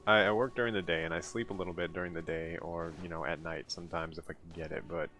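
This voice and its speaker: A man's voice: low-pitched, fairly even intonation, fast, pushed and bright, soft background music. An American man streaming late at night, chatting casually with viewers, rambling, laughing often and poking fun at himself while sounding tired. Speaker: live streamer.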